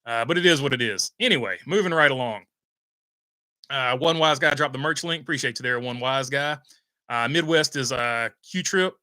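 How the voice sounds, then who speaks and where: A man's voice: medium pitch, normal speed, pushed and bright, no echo. A man hosting a casual livestream, reading out viewer comments and rambling with lots of "uh" fillers. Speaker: host reading live chat.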